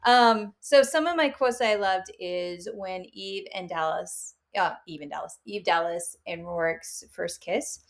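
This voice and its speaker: A woman's voice: fairly low pitch, unhurried, few pauses. A woman co-hosting a podcast and chatting casually about a book. She laughs often as she talks and keeps a chatty, conversational flow. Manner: laughs often while talking. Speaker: podcast co-host.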